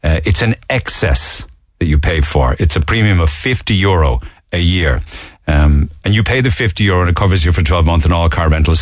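A man with a Cork Irish accent talks on his radio show in a low, deep voice. He rambles through a story with many fillers and false starts, casual and conversational. The sound is dry and close to the microphone. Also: no room sound. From Ireland. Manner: rambling, full of fillers and restarts. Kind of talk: casual radio talk, telling an anecdote. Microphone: studio microphone.

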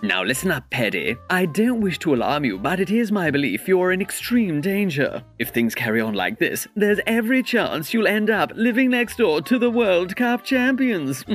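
Brief: a posh English lord, haughty and drawling, with a lively, swooping voice pitched a touch high. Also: male voice, normal speed, hardly any pauses, soft background music, exaggerated voice. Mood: pompous. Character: pompous posh English aristocrat, middle-aged man. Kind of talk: comedy sketch acting.

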